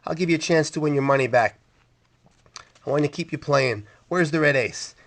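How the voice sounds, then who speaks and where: A man acting out a slick male street hustler working a card game. He talks in a smooth, coaxing patter to keep a mark playing. The voice sits a bit high. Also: brisk, close to an everyday voice.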